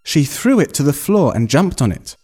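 A man reading a first-person story aloud in an expressive, storytelling manner. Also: on the high side, moderate pace, breathy edge. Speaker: narrator. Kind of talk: scripted story narration.

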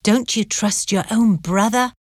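A woman reading as an earnest young man home after years away, in a slow storybook voice. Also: mid-range voice, darkish tone, no room sound, studio quality, pitched above the performer's own voice, close to an everyday voice. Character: young man, freed convict, bold and tender.

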